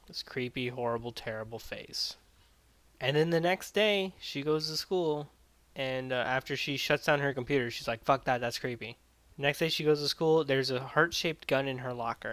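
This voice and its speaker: A man's voice: medium pitch, a bit bright, clear, resonant tone, no echo. A man giving a blunt, exasperated casual spoken review of an anime. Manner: blunt and exasperated, retells plot with quoted voices.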